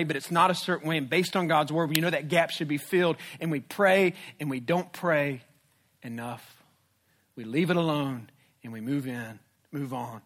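Animated higher-voiced male pastor. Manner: animated, swings from quiet to loud. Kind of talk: sermon.

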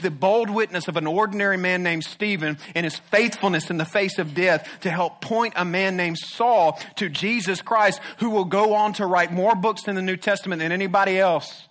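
A male pastor delivers a sermon in a fairly high voice. He swings between ringing, emphatic declarations and quiet, low, intense stretches.

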